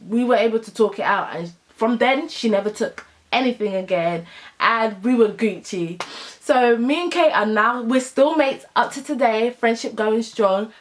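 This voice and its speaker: A young woman vlogger telling a casual storytime to her camera, chatty and playful with asides. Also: mid-range voice. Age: young adult.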